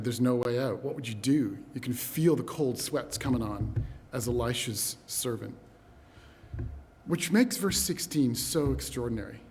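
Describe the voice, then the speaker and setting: A man preaching a sermon, telling a scripture story in a lively, animated way and speaking to the congregation as brothers and sisters. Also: medium pitch. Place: church hall. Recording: long hall reverb.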